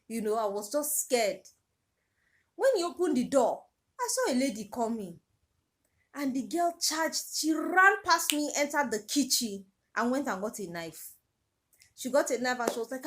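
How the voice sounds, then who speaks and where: Emotional Nigerian woman telling her story. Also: high voice. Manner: emotional, urgent retelling with repeated phrases. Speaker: vlogger. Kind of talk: personal storytelling vlog.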